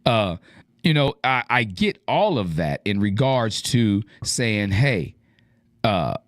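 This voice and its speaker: A man's voice: lowish voice, no echo, studio quality. A man hosting an advice radio show, talking casually and animatedly in slang and acting out the lines he quotes.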